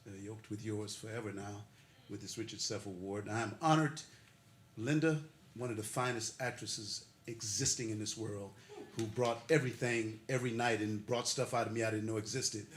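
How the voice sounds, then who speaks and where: An older man giving a heartfelt, emotional acceptance speech at an awards ceremony. He talks with laughter and builds his points through repeated, preacherly phrases. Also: on the low side. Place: ceremony hall. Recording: echoey hall with faint noise.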